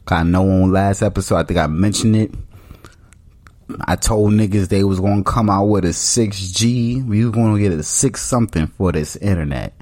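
A man's voice: low-pitched, moderate pace, a little mellow, dry recording. A man co-hosting a podcast in loose, slangy casual chat. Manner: loose, slangy, laid-back. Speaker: podcast co-host.

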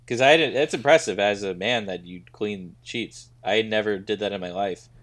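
A man's voice: lowish voice, moderate pace, a bit bright. A man co-hosting a podcast in casual chat, making dry jokes and puns. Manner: dry, joking, punning. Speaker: podcast co-host.

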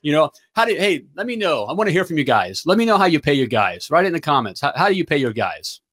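A middle-aged man hosting a livestream as a business coach, giving an energetic pep talk and checking in with "all right?" again and again. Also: a little high, quick pace.

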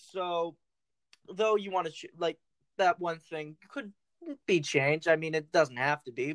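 A goofy, playful podcast host keeps the talk loose and casual, then suddenly shouts to announce a quiz round. The pitch sits in a middle register. The sound is dry and close, with no room echo. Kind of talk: casual chat.

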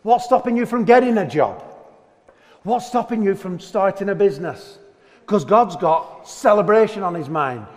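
A man preaching a sermon as pastor, animated and joking as he talks to his church. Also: high-pitched, moderate pace. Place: church hall. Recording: long hall reverb.

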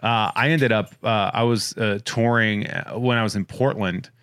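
A man hosting a podcast, rambling and joking as he reads out listener shout-outs in casual chat. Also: fairly low pitch, normal speed, smooth. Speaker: podcast host.

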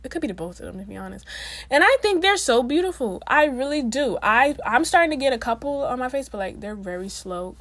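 A woman's voice: high-pitched, big pitch swings, brisk, fairly bright tone, no room sound. A young woman vlogging in a casual, chatty way, full of slang and fillers, speaking straight to her viewers. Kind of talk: casual talk to camera.

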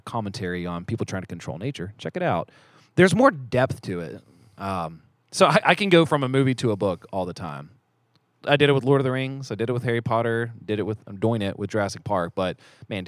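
A man's voice: on the low side, dry recording. A man co-hosting a podcast in casual chat, rambling and joking as he talks about faith and books. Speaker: podcast co-host; youth devotion leader.

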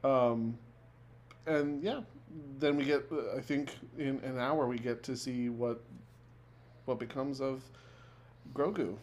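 Low-voiced woman co-host, quick to laugh. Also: steady tone, a little mellow, a little hiss or hum. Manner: laughs often, chimes in with quips. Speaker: podcast co-host. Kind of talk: casual chat.

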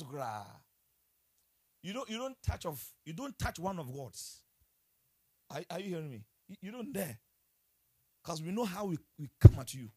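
Lively husky-voiced male preacher. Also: a little high. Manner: animated, exclaiming and laughing, asks the congregation questions. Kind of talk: sermon.

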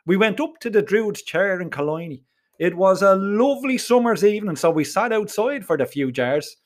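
A man's voice: high voice, lively intonation, normal speed. A middle-aged man with a Dublin Irish accent telling a crude comic story in the first person, swearing freely. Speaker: narrator.

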